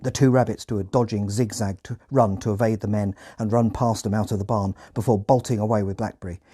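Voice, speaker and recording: A man, hosting a podcast and narrating a film scene by scene in a measured, descriptive way. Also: fairly low pitch, steady tone, dark tone, husky.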